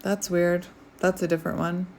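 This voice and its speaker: A woman giving a casual tarot reading, rambling and chatty with many fillers, sometimes dropping to a soft near-whisper. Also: on the low side, little pitch movement, normal speed, gravelly, slight background noise. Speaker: tarot reader. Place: home, outdoors light fading.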